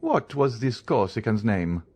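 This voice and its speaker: A man's voice: fairly low pitch, sing-song, unhurried, a little mellow, husky, exaggerated voice. A man reading the part of a stern, commanding count disguised as a priest, questioning in an audiobook. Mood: probing. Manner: commanding, interrogating.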